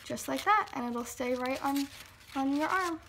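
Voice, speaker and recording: A woman with a fairly high, gravelly voice reads a picture book to young children. She stretches her words in a slow, sing-song storytime rhythm and now and then slips into a soft whisper. Faint background noise sits under her voice. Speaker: children's librarian.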